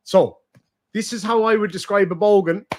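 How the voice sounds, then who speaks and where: A young man hosting a casual chat, explaining slang in a profane, animated way. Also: sits high, moderate pace. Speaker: streamer host.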